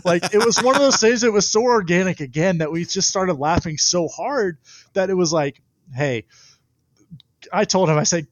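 Young man, mid-pitched, dry close mic; laughing storyteller with rambling restarts. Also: unhurried, no room sound. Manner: laughs through his stories, rambling restarts. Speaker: guest, professional pitcher. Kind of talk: casual storytelling interview.

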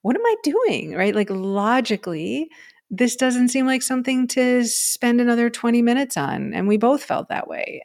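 A woman's voice: medium pitch, darkish tone. A woman co-hosting a podcast, telling a personal story in a casual, conversational way and often asking "right?". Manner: storytelling, frequently asks "right?" and says "um". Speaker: podcast co-host.

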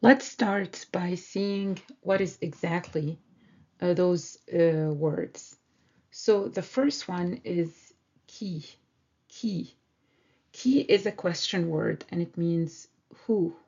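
A woman teaching a beginners' French lesson, repeating each word slowly and carefully. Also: on the low side, a little mellow, muffled recording. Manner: slow, careful repetition of words. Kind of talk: slow language lesson.

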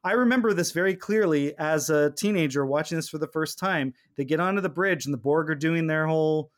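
A man's voice: fairly high pitch, fairly quick. Man hosting a chatty podcast. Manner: animated retelling of scenes, quoting characters. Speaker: podcast host. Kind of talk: casual chat.

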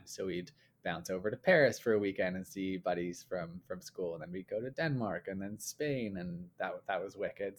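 A man's voice: low-pitched, a little hiss or hum. A young man from Canada, a guest chatting casually and telling stories with easy fillers. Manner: relaxed, chatty storytelling with frequent fillers. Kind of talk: casual conversational interview.

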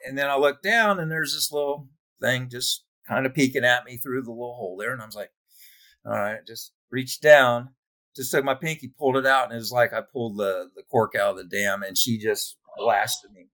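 A man's voice: mid-range voice, normal speed. Man telling work stories casually. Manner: laughing, animated anecdotes. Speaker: nurse. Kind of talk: casual storytelling.

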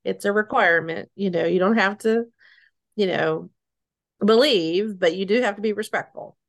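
A middle-aged woman being interviewed, telling her story haltingly, with restarts, soft laughs and sighs. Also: medium pitch. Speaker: interview guest.

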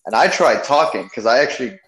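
A man's voice: mid-range voice, animated, brisk, fairly bright tone, rough recording. Young man telling a rambling story. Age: young adult. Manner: rambling storyteller, laughs at himself. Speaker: podcast co-host. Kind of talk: casual chat.

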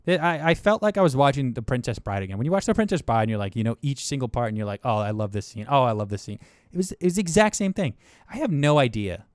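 An excitable young man co-hosting a film podcast, his voice leaping from low mumbles to high, eager bursts. The sound is close and dry, with no room around it. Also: no room sound. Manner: enthusiastic, animated, swings between mumbled asides and excited bursts. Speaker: podcast co-host. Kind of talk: casual film review chat.

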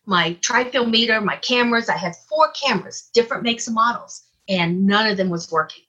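A woman casually recounting a personal encounter as an investigator, animated and acting out her own reactions. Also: fairly high pitch, brisk, slightly rough, muffled recording. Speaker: guest, UFO investigator. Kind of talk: casual storytelling.

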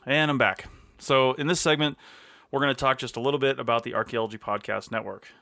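A man's voice: medium pitch, steady tone, a little fast, creaky, pushed and bright. A man hosting his own podcast from his office, rambling casually with lots of ums and restarts. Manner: chatty, many ums and restarts. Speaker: podcast host.

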